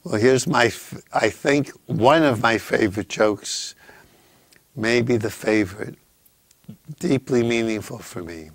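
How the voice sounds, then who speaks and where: A man hosting a casual chat, telling riddles and stories in a slow, drawn-out, teasing way. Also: mid-range voice, no room sound. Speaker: host.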